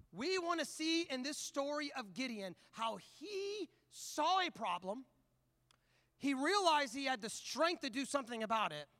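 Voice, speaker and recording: A male pastor with a very high, bright, forceful voice, preaching in a lively and conversational way. He tells stories as he preaches and moves easily into scripture. The sound is close and dry. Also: no echo. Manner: animated, conversational storyteller. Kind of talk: sermon with personal storytelling.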